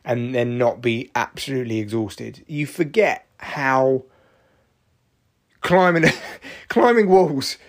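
A man's voice: mid-range voice, slow pace, long pauses. A man in his forties, tired and achy, rambling through a sweary, jokey solo podcast monologue. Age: 40s. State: tired, achy after exercise. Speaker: podcast host.

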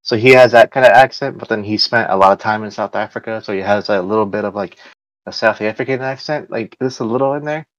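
A man's voice: fairly low pitch, quick pace, no echo, dull audio. A man from the United States hosting a casual podcast chat, rambling along with lots of fillers and restarts. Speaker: podcast host.

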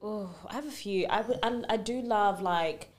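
A woman co-hosting a podcast in relaxed conversation. She is chatty, repeats words in quick runs and giggles, with a mid-range voice. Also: mid-range voice. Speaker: podcast co-host. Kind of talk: casual chat.

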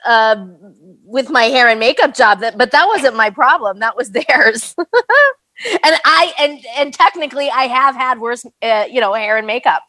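An actress speaks hesitantly in a casual interview, laughing at herself as she talks. Her voice is high and bright. She often stops and restarts before she finds her answer. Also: normal speed. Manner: hesitant, laughing, self-deprecating.

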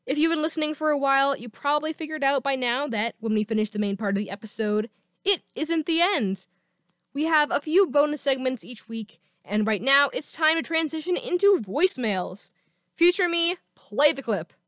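A woman's voice: sits high, expressive, a little fast, fairly bright tone, no echo. Chatty woman podcast host, dry sound. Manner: chatty and enthusiastic. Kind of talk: casual solo podcast talk.

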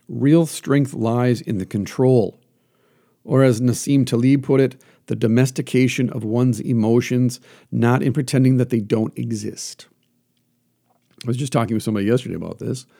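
Man, gravelly, warm low tone, earnest, self-questioning, solo podcast talk. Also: steady tone, normal speed. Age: adult, teaches classes. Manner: earnest, coaching, asks himself questions aloud. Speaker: podcast host.

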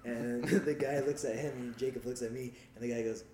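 A man's voice: mid-range voice, steady tone, a little fast, darkish tone, slight background noise. A man casually telling a rambling, profane story, laughing as he goes. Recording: roomy sound with faint background ambience.

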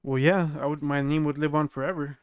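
A man in a casual podcast chat, giving laid-back, deadpan answers. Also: a little high, fairly quick, smooth, no echo. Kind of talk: casual banter.

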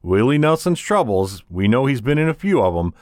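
A man's voice: mid-range voice, big pitch swings, fairly quick, darkish tone, dry recording, clean studio sound. A man co-hosting a music show, introducing songs and giving listeners chatty hints. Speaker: co-host.

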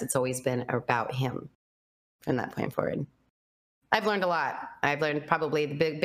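A woman telling her personal story in casual conversation, chatty and earnest, full of fillers and quoted thoughts. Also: low voice. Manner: earnest and reflective.

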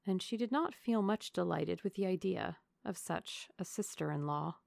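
A woman narrating a classic novel aloud in steady storytelling, on a close microphone. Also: fairly low pitch, moderate pace, gravelly, few pauses, dry recording. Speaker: audiobook narrator.

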